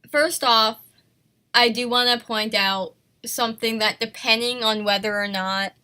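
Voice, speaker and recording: A woman's voice: medium pitch, pushed and bright. A woman who is sick, teaching an art lesson in a casual, self-conscious way and apologizing for herself. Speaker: art tutorial host.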